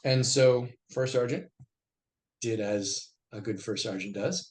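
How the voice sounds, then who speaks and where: Brief: middle-aged veteran man, mid-pitched voice, conversational yarn-spinner who acts out the quotes. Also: takes it slowly, a little hiss or hum. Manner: acts out quoted dialogue in lively bursts. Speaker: podcast guest, army veteran. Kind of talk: conversational storytelling.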